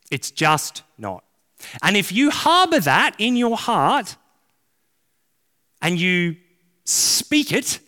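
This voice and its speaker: A man's voice: high-pitched, fairly bright tone. A man preaching a sermon as a pastor, casual and joking, full of slang. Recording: long hall reverb.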